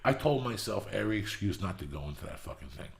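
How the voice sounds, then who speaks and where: Gravelly, profane storyteller man. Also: on the low side, sing-song, fast talker, roomy sound. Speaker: podcast host. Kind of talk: storytelling monologue.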